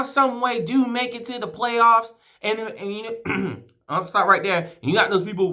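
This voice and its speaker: A man vents in an emotional fan vlog, cursing freely and tripping over his own restarts. His pitch swings wildly from low grumbles to high outbursts, and his voice has a bright, tense edge. The delivery is heated and rambling. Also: lively intonation, a little slow. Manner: heated, profane, emotional rant. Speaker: sports fan vlogger.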